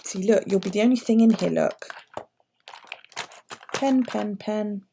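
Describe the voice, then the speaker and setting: A woman's voice: mid-range voice, fairly even intonation, normal speed, vocal fry, pauses often, mellow, slight background noise. A middle-aged woman with an English accent, chatting casually and swearing freely while she works on her bullet journal and tells stories.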